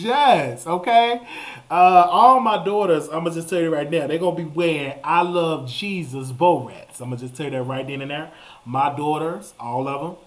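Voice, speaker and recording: Animated man hosting a casual live show. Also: a little high. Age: 30s. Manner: animated, drawn-out exclamations and repetitions. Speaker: host.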